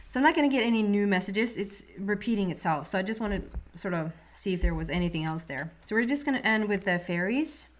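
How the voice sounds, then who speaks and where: A woman giving a monthly tarot reading in a soft, meandering way, often trailing off and restarting her sentences. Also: medium pitch, animated, fast, few pauses, a little hiss or hum. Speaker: tarot reader.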